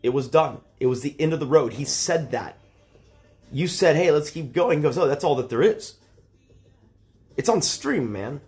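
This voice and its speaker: A man's voice: a little high, lively intonation, moderate pace, pauses often, darkish tone. Exasperated man lecturing, swearing. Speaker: streamer. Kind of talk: heated argument on a livestream.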